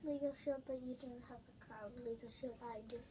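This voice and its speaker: High, mellow, quiet voice heard from afar. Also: female voice, fairly even intonation, a little fast, distant mic. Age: child. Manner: short, quiet answers. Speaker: daughter.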